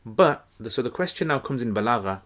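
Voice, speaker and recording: A man giving a casual explanatory lesson, conversational and relaxed, with many fillers and restarts. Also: medium pitch, fairly quick. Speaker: Quran teacher.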